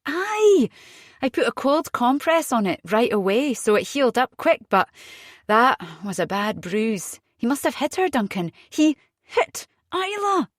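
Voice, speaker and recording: A woman's voice: big pitch swings, unhurried, dry recording, clean studio sound. A woman playing a frantic mother. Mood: agitated. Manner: urgent, pitch jumping high when upset. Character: agitated Scottish young mother, fierce and frightened.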